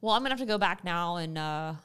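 A woman's voice: on the low side, expressive, fairly bright tone, clear, resonant tone. A woman in her late thirties co-hosting a casual chat, rambling and cutting herself off. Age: 30s. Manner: fast, rambling, self-interrupting.

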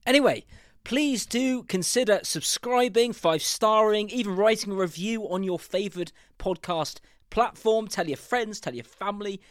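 A man in his thirties with a southern English accent opens his podcast as host. His voice sits a little high. He talks in an upbeat, brisk way with a defiant edge, recorded close and dry with no room sound. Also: no room sound. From England. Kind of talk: scripted podcast intro.

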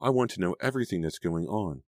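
A gentle, grieving mother, read by a man in an audiobook, soft and soothing. The voice is raised from a deep base and sounds dry and close. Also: animated, quick pace, no echo. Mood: tender.

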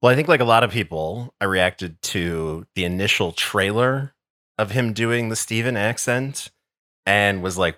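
Man podcast co-host, very low voice, measured, dry studio sound. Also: pushed and bright, no echo. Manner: measured, hedging, laughs easily. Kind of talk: casual panel discussion.

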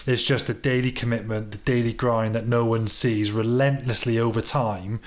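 A British podcast host with a mid-range male voice, talking in a chatty, animated way. He shares his own views between questions and sometimes acts out what other people say. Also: medium pitch, moderate pace. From Britain. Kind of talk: casual podcast interview.

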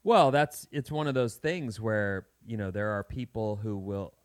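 A man's voice: lowish voice, dry recording, studio quality. Playful man podcast co-host. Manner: playful storyteller, drawn-out setups. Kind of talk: casual podcast banter.

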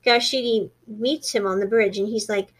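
A woman's voice: medium pitch, moderate pace, slightly rough. A woman casually retelling a drama plot in a chatty, storytelling way, dropping her voice to quote the characters. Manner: chatty, animated storytelling, quiet quoted dialogue. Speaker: drama recap host.

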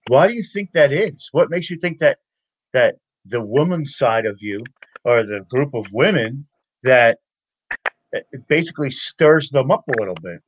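A man's voice: mid-range voice, animated, unhurried, a little hiss or hum, poor audio. A man hosting an interview, asking loose, rambling questions. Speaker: podcast host. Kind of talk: casual interview.

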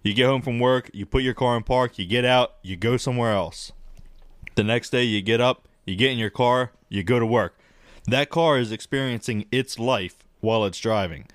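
A man in casual podcast chat, rambling and swearing as he tells an animated story about dreams. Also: medium pitch, normal speed, dry recording. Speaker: podcast co-host.

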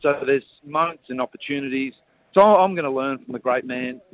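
A man's voice: mid-range voice, brisk, a little hiss or hum. Earnest male guest on a dull remote line. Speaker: guest commentator. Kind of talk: casual radio interview.

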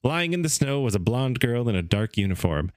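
A man's voice: mid-range voice, sing-song, brisk, a little mellow, no room sound. A man hosting a casual podcast, reading a story aloud and sometimes stumbling on a word. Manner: reads steadily, stumbles on some words then laughs it off. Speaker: podcast host reading stories.

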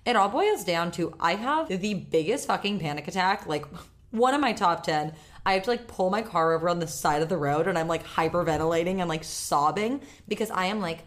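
A woman's voice: mid-range voice, moderate pace. Young woman telling a rambling story. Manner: animated storyteller, swears freely, laughs often. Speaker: podcast co-host. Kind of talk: casual storytelling chat.

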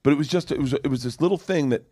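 A man's voice: fairly high pitch, very fast, no echo, studio quality. A man in his forties, a comedian, telling a rambling story in casual chat, swearing and restarting often. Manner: rambling, profane, animated storyteller with many restarts. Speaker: comedian guest.

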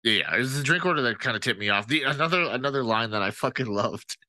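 A man's voice: medium pitch, quick pace, no room sound. A man co-hosting a podcast, chatting casually and profanely about a movie with lots of fillers. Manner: profane, animated, rambling with fillers. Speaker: podcast co-host. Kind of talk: casual movie-review chat.

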